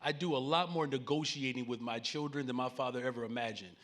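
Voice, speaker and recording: A man's voice: medium pitch, fast, a bit bright. A man in his forties with a Chicago accent, the mayor speaking on a conference panel, earnest and preacherly, joking with the audience. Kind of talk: conference stage conversation. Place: conference main stage before a live audience.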